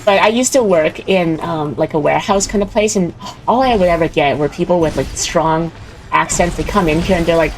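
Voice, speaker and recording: A young VTuber chats while playing a game, rambling, giggling and imitating voices. Her voice sits on the low side and moves a little fast, with faint music behind her and poor audio quality.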